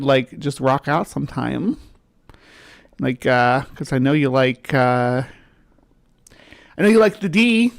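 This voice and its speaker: A woman with a central US accent hosts a casual livestream and rambles freely, greeting viewers as they join. Her talk is chatty and loose, with the easy tone of a self-described skeptic. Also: low-pitched. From central US, between the South and the upper Midwest. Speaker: livestream host.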